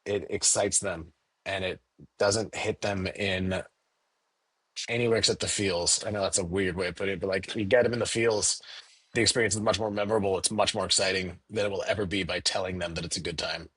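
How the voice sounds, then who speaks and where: A candy store owner in a casual interview, talking animatedly and acting out little quoted exchanges in a raised voice. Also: male voice, deep voice, steady tone, a little fast, fairly bright tone, slightly rough, dry recording.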